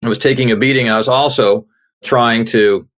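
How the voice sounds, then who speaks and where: A man's voice: mid-range voice, steady tone, normal speed, fairly bright tone. A middle-aged man, a guest on an interview show, earnestly telling a personal story and acting out the words of the people in it. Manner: earnest storyteller, acts out quoted dialogue. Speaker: guest, author.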